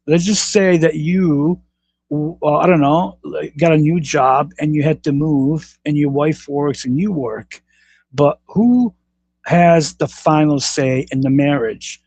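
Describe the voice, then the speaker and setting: A man's voice: a little high, gravelly, a little mellow, no room sound. Combative man ranting on a livestream. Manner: combative, repetitive, swears often. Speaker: livestream host. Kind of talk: solo livestream rant.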